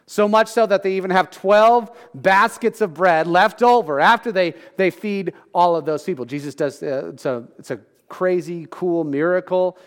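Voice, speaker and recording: A man preaching a casual, conversational sermon as pastor, with joking asides and quick bits of acted-out crowd talk. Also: high voice, smooth. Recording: long hall reverb.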